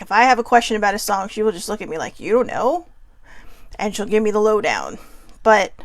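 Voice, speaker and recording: Candid woman host with a gravelly edge. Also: medium pitch, no room sound. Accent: Hawaiian. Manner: candid, emotional, many restarts and asides. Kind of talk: personal reflective monologue.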